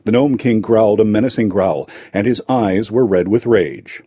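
A man narrating a fairy tale aloud in a lively storytelling manner. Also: on the low side, normal speed, hardly any pauses, dry recording, clean studio sound.

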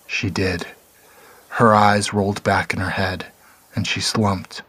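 A man narrating a dark story in a measured, somber reading. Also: low-pitched, little pitch movement, husky.

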